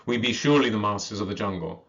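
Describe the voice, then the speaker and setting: A man puts on a proud male black panther from a storybook, wry and teasing, speaking in a slow, knowing drawl. His voice sits low and comes through a dull, lo-fi recording. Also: lively intonation, a little hiss or hum. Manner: mock-humble drawl.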